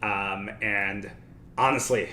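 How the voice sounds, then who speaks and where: A man with a lowish voice talks casually on a study livestream, wandering through his thoughts and stopping to correct himself. His voice rings in an echoey room with a faint hiss of noise behind it. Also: steady tone, takes it slowly, bright, forceful tone. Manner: rambling, self-correcting, thinks aloud. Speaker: livestream host. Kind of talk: casual study-stream talk.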